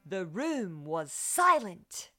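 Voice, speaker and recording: A woman reading a children's story aloud, expressive and playful with sound-effect words. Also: fairly low pitch, drawn-out words, faint music behind.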